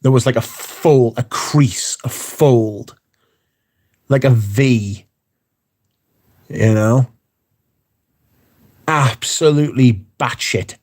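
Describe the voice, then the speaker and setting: Male streamer, mellow, rambling, sweary casual chat. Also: medium pitch, extremely slow, pauses often. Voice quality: swears freely, rambling anecdotes. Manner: chatty, repeats filler words. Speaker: livestream host.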